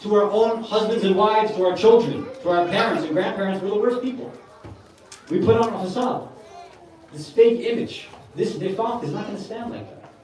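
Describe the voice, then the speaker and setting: A man's voice: high-pitched, moderate pace, darkish tone. A man giving an earnest, conversational sermon at a religious gathering, mixing in Arabic religious terms. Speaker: speaker at a Muharram gathering. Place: large hall with a gathering. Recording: echoey hall, from far off.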